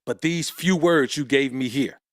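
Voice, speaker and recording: A man's voice: medium pitch, moderate pace, no echo. Southern man, dry close sound. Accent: Southern US, Alabama. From Birmingham, Alabama. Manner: motivational, says bruh and man often. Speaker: podcast co-host. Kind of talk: casual chat.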